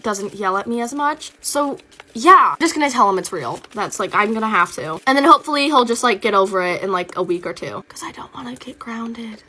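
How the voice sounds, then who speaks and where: A woman's voice: fairly high pitch, bright, forceful tone. A teenage girl telling a storytime about her own life in a casual, rambling way, full of fillers and self-conscious asides. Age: teens.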